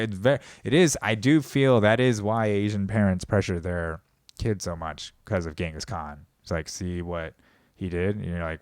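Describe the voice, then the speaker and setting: A man hosting a podcast, riffing in a rambling, sarcastic comedic monologue that swings between loud outbursts and mumbled asides. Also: fairly low pitch, no echo, studio quality. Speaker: podcast host.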